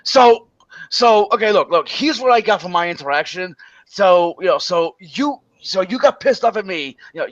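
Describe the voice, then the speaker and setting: A man's voice: high-pitched, a bit bright, dry recording. A man hosting a stream, ranting casually and indignantly, stammering and swearing often. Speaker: stream host. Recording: dull lo-fi sound.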